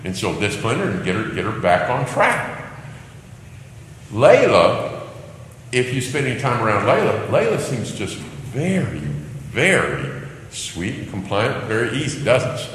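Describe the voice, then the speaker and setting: An older pastor delivers a sermon in a lower register with a bright, forceful edge. He tells family stories in an animated way, his pitch swinging widely. His voice rings out in a large reverberant hall, with faint noise behind him. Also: unhurried. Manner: animated storytelling, acting out children's cries.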